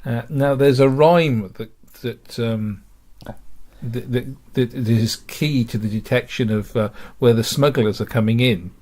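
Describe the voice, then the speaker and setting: A man's voice: mid-range voice, unhurried, darkish tone. A man, a regular on the show, chats casually and wryly retells scenes from old comedy films with a chuckle. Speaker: podcast regular guest. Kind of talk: casual chat.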